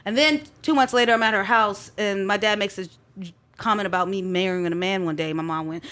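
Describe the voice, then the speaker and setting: A woman therapist, a podcast guest, telling personal stories in a candid, expressive way and often laughing as she talks. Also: medium pitch, fairly quick. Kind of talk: candid storytelling in a group chat.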